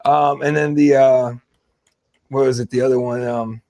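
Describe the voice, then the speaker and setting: A man's voice: mid-range voice, little pitch movement, moderate pace, mellow. A man co-hosting a casual podcast, ranting with lots of swearing and mocking impressions. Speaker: podcast co-host. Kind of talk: casual chat.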